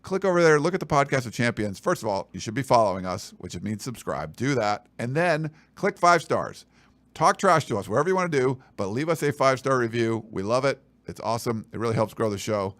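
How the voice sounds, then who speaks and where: A man's voice: mid-range voice, sing-song, brisk, fairly bright tone, no echo. A man co-hosting a sports podcast, joking and rambling through plugs and sponsor reads while teasing his co-host. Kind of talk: casual chat with sponsor reads.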